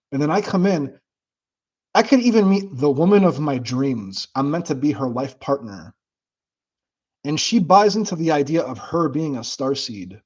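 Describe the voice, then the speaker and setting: A man hosting his own livestream, chatting casually with viewers in a blunt, profane and animated way. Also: fairly high pitch, slightly rough, lo-fi sound. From United States. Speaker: livestream host. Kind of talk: casual livestream chat reading comments.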